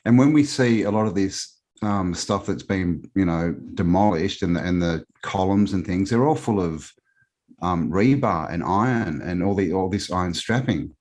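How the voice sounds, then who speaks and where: An Australian man talks casually over a remote call as a guest on a live show. His voice sits very low, and he wanders through his points with plenty of fillers. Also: normal speed, a little mellow. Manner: rambling, meandering with many fillers. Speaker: podcast guest.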